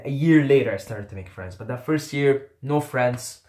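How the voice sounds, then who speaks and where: This young vlogger from the Middle East, not a native English speaker, recounts his own experiences at a moderate pace and medium pitch in an echoey room. His telling is loose and lively, full of jokes at his own expense and plenty of swearing.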